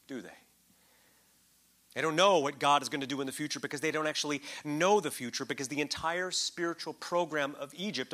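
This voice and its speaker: Male preacher, bright high-ish voice, dramatic hushed-to-loud delivery. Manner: dramatic swings from hushed to loud, mocking emphasis. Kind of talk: expository sermon.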